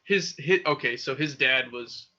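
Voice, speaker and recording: A young man hosting a podcast, telling wild stories in a casual, profane, animated way with frequent laughter. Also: mid-range voice, a little slow. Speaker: podcast host. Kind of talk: casual storytelling. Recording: dull lo-fi sound.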